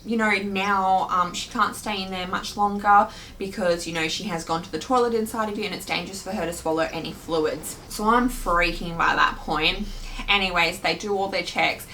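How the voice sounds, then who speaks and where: Bright-voiced young woman telling a story. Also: mid-range voice, fairly even intonation, normal speed, slight background noise. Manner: chatty, dramatic, filler-heavy retelling with quoted dialogue. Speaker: beauty vlogger. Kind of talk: casual storytelling to camera.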